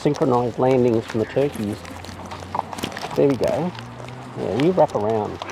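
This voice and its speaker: Australian man, lively swooping pitch, slow unhurried talk, coaxing birds, outdoor noise and bird calls behind. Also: vocal fry. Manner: sing-song coaxing, playful teasing. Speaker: bird feeder filming wild birds. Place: outdoors among wild birds. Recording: noisy outdoor recording with birds. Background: bird calls and outdoor sounds.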